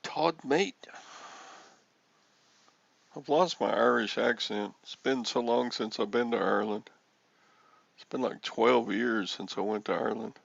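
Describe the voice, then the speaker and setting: A man's voice: lowish voice, flat delivery, normal speed, gravelly, fairly bright tone, dry recording, highs cut off. A man in his sixties hosting a reseller livestream, rambling and joking as he answers chat comments. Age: 60s.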